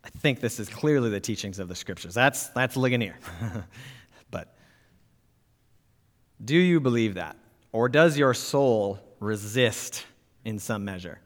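A man delivers a sermon as a pastor, his voice sitting at a middle pitch. He stresses key words emphatically and keeps asking his listeners questions. The recording rings with a long hall reverb.

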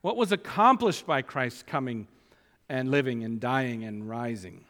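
Speaking a little slowly, a man with a medium-pitched, fairly bright voice delivers a sermon, building force as he reads scripture aloud and repeating key phrases to stress them. The recording carries a long hall reverb.

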